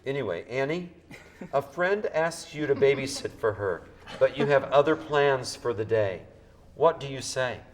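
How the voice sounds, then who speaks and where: A man from Minnesota hosting a comic talk show, lively and talkative, joking and drifting off topic. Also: medium pitch, normal speed, a little hiss or hum. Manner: lively, talkative, jokey, digresses.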